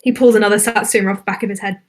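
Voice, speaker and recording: A woman's voice: medium pitch, steady tone, very fast. A woman playing a tabletop game in a playful, teasing way. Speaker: player.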